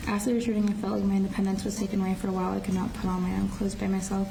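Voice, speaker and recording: Flat, gravelly teenage girl in court. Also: medium pitch. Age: teens. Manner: halting, restarting phrases. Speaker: shooting survivor giving a victim impact statement. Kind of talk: reading a prepared statement aloud. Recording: distant courtroom audio with faint noise.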